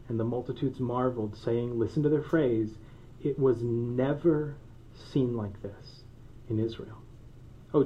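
A man preaching from the pulpit at a middling pitch, casual and playful, with frequent laughs and asides. The recording is a bit muffled and dull. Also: mellow. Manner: conversational, joking asides, laughs often. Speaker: pastor. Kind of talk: sermon. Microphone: microphone.

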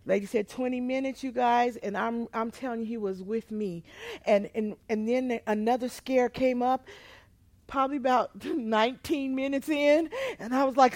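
Preaching a sermon, a woman pastor recounts her own testimony, alternating between soft, hushed narration and loud bursts of emotion. She speaks at a normal speed in a slightly high voice, with no echo.

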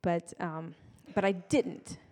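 A woman's voice: lowish voice, steady tone, slow pace, mellow. A woman giving a casual, conversational sermon with playful, self-deprecating asides. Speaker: preacher. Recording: long hall reverb.

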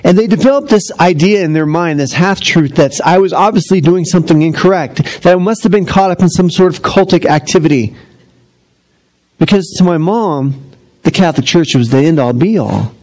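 A middle-aged man preaching a sermon as pastor, in a conversational, animated storytelling manner. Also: a little high, normal speed, rough recording.

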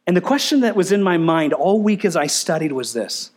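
Male pastor, high voice, emphatic sermon delivery, quizzes the congregation. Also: brisk. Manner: asks the congregation questions, emphatic and animated.

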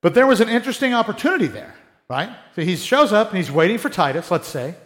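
A man's voice: sits high, sing-song, fast talker, fairly bright tone. A man preaching a sermon in a conversational way, often acting out the voices of people he quotes. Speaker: pastor.

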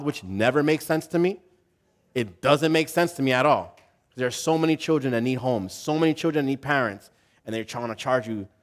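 A man preaching a conversational sermon as a pastor, casual and slangy, telling stories and acting out voices. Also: mid-range voice. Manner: animated, animated storytelling with acted-out voices.

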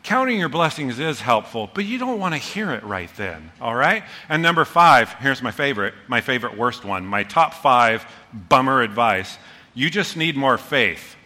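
Excitable pastor in a reverberant hall. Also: male voice, medium pitch. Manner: animated, excitable, fast bursts then slowing down. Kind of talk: sermon.

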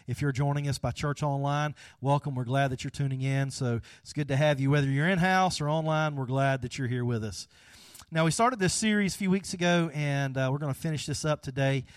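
A man in the pulpit giving a folksy, conversational sermon that climbs into animated emphasis. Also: medium pitch, fairly quick, clear, resonant tone, no echo. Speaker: pastor. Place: church sanctuary.

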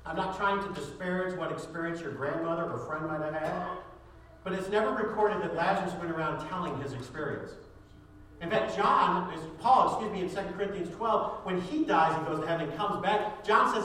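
A fervent male pastor preaching with a bright, forceful tone. His voice rings through a very echoey sanctuary, picked up from some distance away. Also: high voice, a little fast, slight background noise. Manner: fervent, rising to raised voice at climaxes. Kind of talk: sermon. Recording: echoey room heard from a distance.

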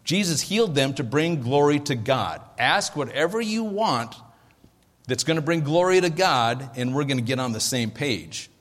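A man's voice: a little high, lively intonation, normal speed, fairly bright tone. A man preaching a sermon as pastor, in a conversational way, often checking that his listeners are following. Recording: long hall reverb.

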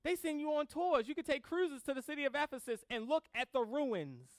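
A man preaching a sermon. He reads scripture slowly, then preaches with rising emphasis and relaxed asides. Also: extremely high pitch, no room sound. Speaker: pastor.

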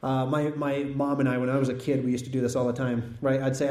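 A man preaching an expository sermon, teaching in a conversational way that grows animated when he tells a story. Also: medium pitch, quick pace, hardly any pauses. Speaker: pastor. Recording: roomy hall echo.

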